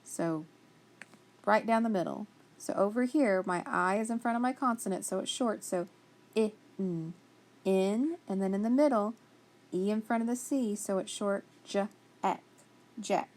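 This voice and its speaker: A woman's voice: medium pitch, normal speed, a little mellow. A woman teaching a phonics spelling lesson, patiently sounding out letters and praising each answer.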